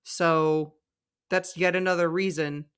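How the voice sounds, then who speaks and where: A woman's voice: on the low side, steady tone, slow, clear, resonant tone. A woman co-hosting a podcast, giving opinionated commentary on a reality show with frequent giggles. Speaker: podcast co-host. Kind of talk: casual chat recapping a reality show.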